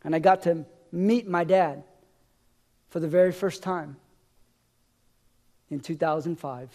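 A middle-aged man from America, a pastor preaching a sermon from the stage, telling stories and letting his voice fall low and soft at the ends of lines. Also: unhurried. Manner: storytelling, dropping low and soft at line ends. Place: church. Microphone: live-streamed stage mic.

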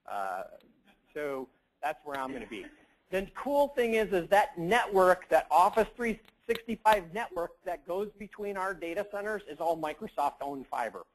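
A man's voice: high-pitched, very animated, moderate pace, rough recording. A man giving a casual, joking conference talk, rambling with lots of fillers and asides. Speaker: conference presenter.

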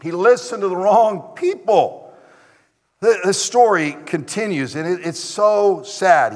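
A male pastor preaching a sermon, animated and emphatic, repeating his exhortations. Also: fairly high pitch. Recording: echoey hall.

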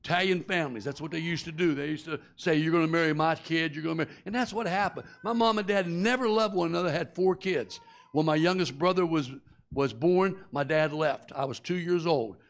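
A man's voice: on the high side, a little fast. A middle-aged man preaching a sermon, telling a personal story and acting out the voices and screams of the people in it. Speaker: guest preacher.

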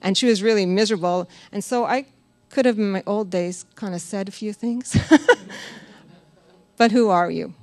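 A woman giving a personal testimony at a church service, telling her story in a lively way, laughing often and acting out what others said. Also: medium pitch, normal speed, pauses often, dry recording, soft background music. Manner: animated storytelling, laughs often, quotes others in acted voices. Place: church sanctuary.

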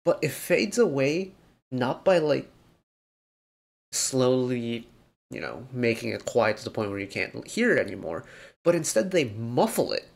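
A man reacting to a music video, picking apart the arrangement in a loose, thinking-aloud ramble. His voice sits at an ordinary middle pitch, and he talks casually with plenty of fillers as he works through his thoughts. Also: sing-song, a little slow, creaky. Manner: analytical, rambling with many fillers. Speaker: K-pop reaction host.

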